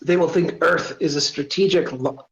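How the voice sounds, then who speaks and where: A man's voice: a little high, moderate pace, gravelly, voice pushed up. A man putting on a hearty, thick-accented space crewman. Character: friendly burly human man, thick foreign accent. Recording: roomy, dull voice-chat audio.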